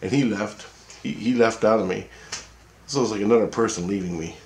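Man, rambling casual monologue; profane, repetitive, slightly low pitch. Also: a little fast, creaky, a little mellow, slight background noise. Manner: profane, repetitive, keeps asking "okay?". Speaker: vlogger recounting a dream.

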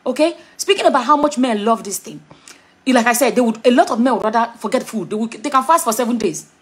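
Middle-aged Nigerian woman vlogger, husky and a touch high, frank, chatty, digressive. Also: lively intonation, quick pace. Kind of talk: casual commentary to camera.

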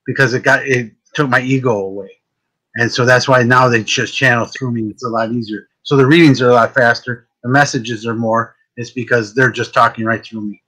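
Bright, animated man telling stories. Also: rough recording. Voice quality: fairly deep voice. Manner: animated storytelling, often repeats words at the start of a thought. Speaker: host, psychic medium. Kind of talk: casual chat.

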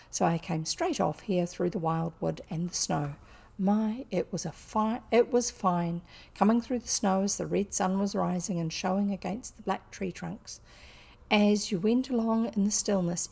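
A woman voicing a hearty, cheerful male otter who tells his adventure in lively, boisterous fashion, in a storybook reading. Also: medium pitch, gravelly.

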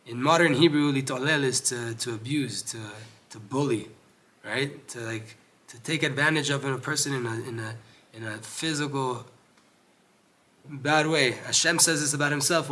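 A man teaching a Torah lesson reads Hebrew passages quickly, then explains them in English, often restarting his sentences. When animated he gets loud and high, but his voice drops low when he lectures.

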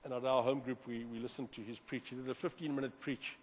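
Pastor preaching in a hall. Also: male voice, mid-range voice, fast, slight background noise. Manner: animated, repeats words, swings from loud to quiet. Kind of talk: sermon. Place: church hall. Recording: long hall reverb.

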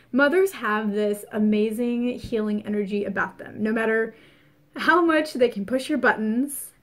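A woman giving a casual spoken astrology forecast, chatty and earnest, repeating phrases for emphasis. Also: fairly high pitch. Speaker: spiritual reader.

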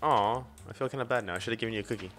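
A young man playing a farming game with a friend, excitable, laughing often and swearing. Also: lowish voice, very fast, soft background music. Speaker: co-op gamer. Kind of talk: casual let's-play banter.

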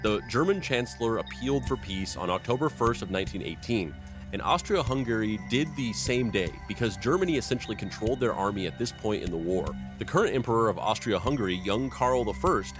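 A man hosting a comedic history podcast, narrating events and breaking off into playful, silly tangents. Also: fairly low pitch.

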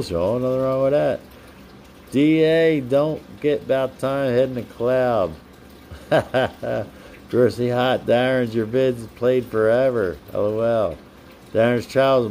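A young man hosts a casual live stream, reading viewers' comments and names aloud and giving them shout-outs in an upbeat, chatty manner. His voice is mid-range, with slight background noise.

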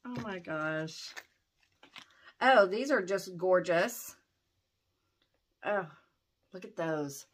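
A woman's voice: fairly low pitch, extremely slow, long pauses. A middle-aged woman opening fan mail, gushing and exclaiming over each gift. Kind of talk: excited unboxing chat.

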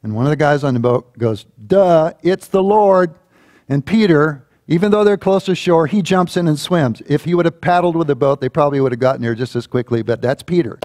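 A man preaching a sermon as a church pastor, telling a Bible story with lively acted-out voices. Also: on the high side, quick pace, few pauses, no room sound, studio quality. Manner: animated storytelling, acting out quoted voices.

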